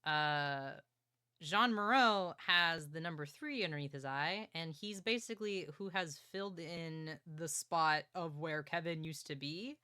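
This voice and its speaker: A young woman streamer casually recapping a novel, excited and swearing, acting out characters' lines. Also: sits low, measured pace, clear, resonant tone, dry recording, studio quality. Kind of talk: casual book recap chat.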